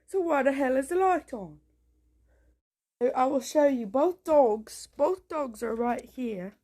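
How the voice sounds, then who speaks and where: A woman vlogging from a dark room at home, rambling with frequent restarts, jumpy and swearing often. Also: high voice, animated, takes it slowly. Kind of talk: casual home vlog.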